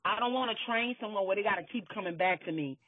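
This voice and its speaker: A man's voice: sits high, fast talker, no room sound. A man telling a workplace story in casual chat, emphatic and swearing freely, often repeating his phrases. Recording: tinny phone-like line.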